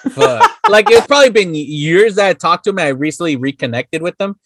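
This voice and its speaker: A man hosting a podcast, telling a story in a relaxed, casual way with easy swearing and frequent laughs. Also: sits high, a little fast, background noise. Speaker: podcast host. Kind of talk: casual chat.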